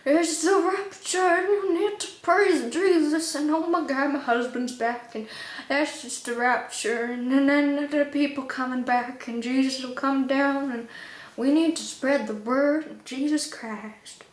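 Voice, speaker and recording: A woman voicing a fervent old religious woman, speaking slowly and emphatically in an odd put-on accent. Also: high-pitched, fairly even intonation, roomy sound, voice pushed up. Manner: slow, emphatic, preaching.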